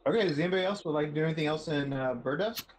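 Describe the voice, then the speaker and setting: A man narrating as game master of a tabletop game, talking slowly and hesitantly with many fillers. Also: on the high side, a little hiss or hum, poor audio. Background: faint background music.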